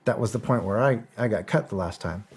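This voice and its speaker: This former soldier, middle-aged and guesting in a casual interview, has a lowish voice with a breathy edge and talks a little fast. His stories ramble; he repeats words, swears without restraint and voices the dialogue he quotes.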